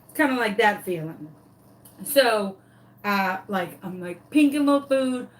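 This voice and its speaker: A woman chatting to her viewers while she works on a craft project. She tells her story dramatically and animatedly, with a friendly, casual directness, in a voice of middling pitch. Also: animated, unhurried. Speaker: craft tutorial host.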